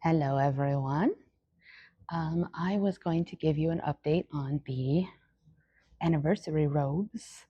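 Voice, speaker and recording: A woman's voice: low-pitched, unhurried, husky, dry recording, lo-fi sound. A woman chatting casually in a home vlog, swearing now and then and chatting with her dog. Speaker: vlogger. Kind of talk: casual chat. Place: home, indoors.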